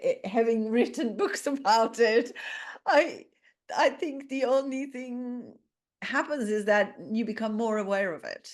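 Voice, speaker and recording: A woman hosting an interview podcast in casual chat, who laughs often and restarts her phrases. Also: a little high. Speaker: podcast host.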